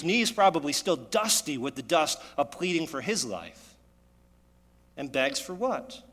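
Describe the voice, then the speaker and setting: A man preaching a sermon, animated and full of rhetorical questions, his voice echoing in a church hall. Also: a little high. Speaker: pastor.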